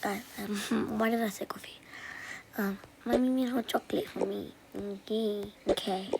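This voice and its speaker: A woman telling a role-play story over a game in a slow, sighing, half-whispered way. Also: medium pitch, fairly even intonation, vocal fry. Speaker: channel host. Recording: noisy, hissy home recording.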